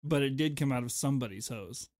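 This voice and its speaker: A man's voice: medium pitch, quick pace, a little mellow. A man co-hosting a casual podcast, cracking wry jokes and laughing often. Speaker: podcast co-host. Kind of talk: casual chat.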